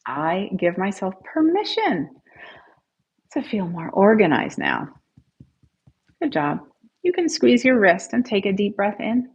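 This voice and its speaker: Woman, tapping coach, encouraging, husky voice, dull lo-fi sound. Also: mid-range voice, very animated, a little slow, long pauses. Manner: encouraging, calls out viewers' scores; has listeners repeat affirmations after her. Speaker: tapping coach, livestream host. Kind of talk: guided tapping session.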